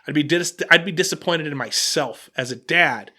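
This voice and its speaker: A man hosting a casual podcast, telling an animated story and restarting his sentences often. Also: on the high side, moderate pace, breathy edge. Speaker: podcast host.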